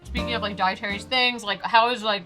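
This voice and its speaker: A woman's voice: medium pitch, steady tone, brisk, over music. A woman hosting a casual chat, upbeat and agreeable, laughing easily. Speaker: host.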